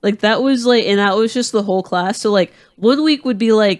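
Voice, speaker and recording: A man's voice: sits high, a little fast. A man from Atlanta co-hosting a podcast, telling a long story in casual chat with lots of fillers and restarts. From Atlanta, USA. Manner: rambling storyteller with many fillers. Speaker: podcast co-host.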